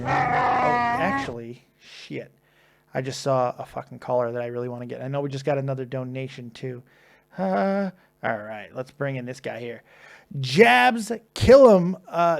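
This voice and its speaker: A man's voice: medium pitch, fast talker, creaky, darkish tone. A man hosting a live call-in stream, chatting casually, swearing often and laughing, with plenty of restarts. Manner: profane, laughing, rambling with restarts. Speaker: host of a live call-in show.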